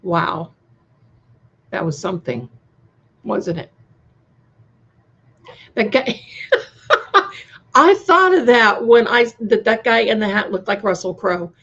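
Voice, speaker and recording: Co-hosting a live stream premiere chat, a woman chats casually about viewer comments, restarting often. Her medium-pitched voice is animated, a bit bright, and husky, with a slow pace and frequent pauses. The recording is slightly dull lo-fi.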